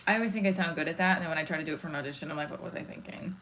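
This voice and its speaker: A woman's voice: deep voice, rapid-fire, fairly bright tone, slight background noise, poor audio. A woman comedian chatting casually on a live stream, rambling from one thought to the next. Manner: chatty, rambling, breaks into song.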